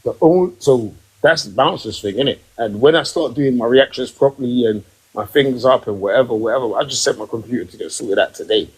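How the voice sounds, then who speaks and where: Husky man ranting on a live stream. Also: a little fast, low-quality recording. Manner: animated, emphatic, rising in pitch when worked up. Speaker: podcast host. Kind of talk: heated casual rant.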